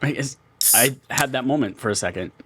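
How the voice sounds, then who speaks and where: A man hosting a casual podcast, telling stories with bursts of laughter and lots of animated energy. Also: medium pitch, brisk, breathy edge. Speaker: podcast host.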